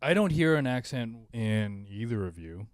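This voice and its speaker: Podcast co-host, man, mid-pitched, rambling, dry close mic. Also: sing-song, normal speed, no echo. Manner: rambling, lots of fillers and restarts. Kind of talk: casual comedy podcast chat.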